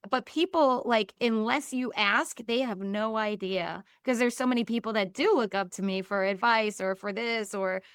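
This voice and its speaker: Woman guest, earnest and upbeat podcast talk, mid pitch, dry close sound. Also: smooth, dry recording. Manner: earnest, upbeat, often laughing softly. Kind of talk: casual podcast conversation.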